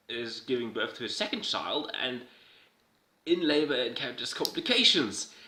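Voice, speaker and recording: A video host recaps a TV episode in a casual, irreverent ramble, swearing as he goes. His medium-pitched voice sounds pushed and bright, and the recording has a roomy echo.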